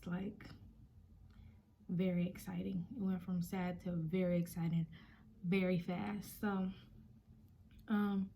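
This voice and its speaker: A woman's voice: mid-range voice, steady tone, slow pace, gravelly, pauses often, mellow, slight background noise. A young woman vlogger chatting casually, retelling a personal story and acting out quotes.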